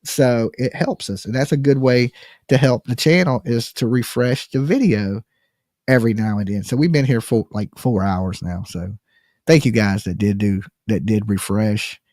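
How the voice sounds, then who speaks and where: A man's voice: lowish voice, normal speed, a little mellow, no room sound, clean studio sound. A man hosting a live call-in stream, joking and slangy, talking casually straight to his viewers. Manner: joking, slangy, talks to the chat. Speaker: live call-in show host. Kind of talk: casual livestream chat.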